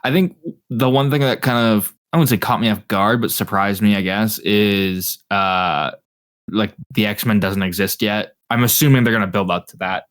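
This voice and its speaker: A man's voice: lowish voice, normal speed, a bit bright. A man co-hosting a casual chat, laid-back and loose, using "like" a lot. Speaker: co-host.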